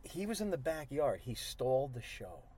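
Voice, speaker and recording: A middle-aged man hosting a casual chat in a car, an excitable, joking storyteller. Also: mid-range voice, moderate pace. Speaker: TV host. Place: inside a car.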